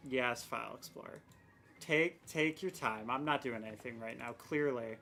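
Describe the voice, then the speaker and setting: A woman's voice: rumbling low, normal speed, a bit bright, soft background music. A young woman streaming a game, chatting casually and rambling with self-mocking exasperation about her technical troubles. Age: young adult. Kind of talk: casual live-stream chat.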